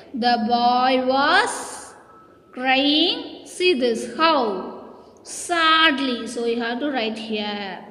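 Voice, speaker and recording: Slow-spoken, high-voiced woman teacher. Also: pushed and bright. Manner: drawn-out, emphatic word-by-word delivery, calls children "my dear children". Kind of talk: online English lesson for young children. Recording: echoey room with long reverb.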